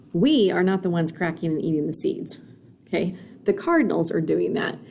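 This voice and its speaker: A woman's voice: on the low side, gravelly, warm tone, slight background noise. A woman teaching a recorded grammar lesson, explaining patiently with frequent fillers and "okay?" check-ins.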